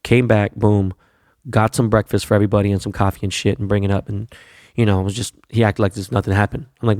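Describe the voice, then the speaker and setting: A man's voice: lowish voice, level tone, fast talker, darkish tone, no room sound, studio quality. A man hosting a podcast, telling a long, profane, rambling anecdote full of fillers. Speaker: podcast host. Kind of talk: casual storytelling monologue.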